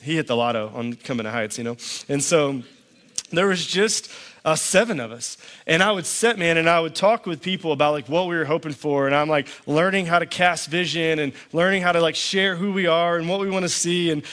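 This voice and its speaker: Pastor guy giving a sermon, kinda high voice, dry jokey delivery, tells stories. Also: a little fast, a bit bright. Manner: dry storytelling with quoted back-and-forth.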